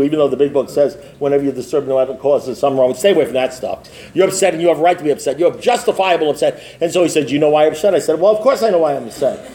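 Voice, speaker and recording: A man giving a humorous, rambling talk at a recovery meeting, repeating himself, often asking "you know what I mean", and dropping lower to quote his sponsor. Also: a little mellow, a little hiss or hum.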